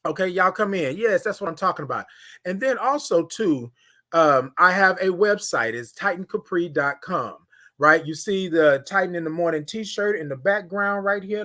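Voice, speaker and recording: A man hosting a casual morning livestream, greeting viewers by name in an animated way and drawing out his greetings. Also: high voice, normal speed. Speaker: livestream host.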